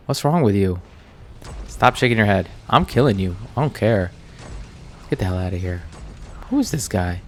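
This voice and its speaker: An American man commenting casually over his own gameplay as channel host, chatty and distracted, full of ums and uhs. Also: on the low side. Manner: chatty, distracted, filler-heavy.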